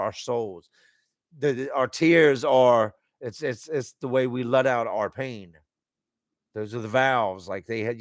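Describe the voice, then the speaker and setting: A man's voice: mid-range voice, dry recording, studio quality. A man hosting a live stream, reading out viewer comments and talking candidly and emotionally. He speaks casually and bluntly, swearing at times and repeating words as he searches for them.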